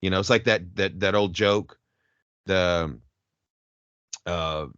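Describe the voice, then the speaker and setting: An American man co-hosting a podcast, talking casually and haltingly as he searches for his words. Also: deep voice, a bit bright, smooth, dry recording, muffled recording. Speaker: podcast co-host. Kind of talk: casual chat.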